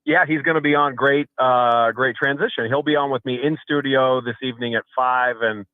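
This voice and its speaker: A man calls in to a radio show, a fellow host who talks earnestly and pushes his points, often repeating a word. His medium-pitched voice comes through a thin, tinny phone line with no room sound at all. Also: fairly even intonation, moderate pace, no room sound. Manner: earnest, emphatic, repeats words. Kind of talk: casual radio banter.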